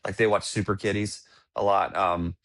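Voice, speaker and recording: Enthusiastic low-voiced man chatting. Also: flat delivery, normal speed, fairly bright tone. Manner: enthusiastic, rambling. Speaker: podcast co-host. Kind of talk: casual chat.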